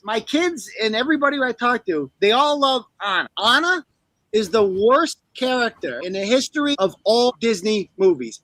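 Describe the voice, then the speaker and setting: A man ranting comically with heavy swearing and lively, bright delivery, putting on shrill voices for characters as he goes. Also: no room sound, low-quality recording. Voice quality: animated, swearing, mimics characters in high voices. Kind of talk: profane comedic rant.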